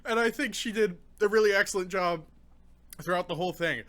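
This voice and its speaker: Pained bright-voiced young man reviewing. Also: high-pitched, a little fast. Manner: rambling, pained, swearing and groaning between points. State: in pain from eating a hot pepper, coughing. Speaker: book reviewer. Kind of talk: casual vlog review while in pain from hot pepper.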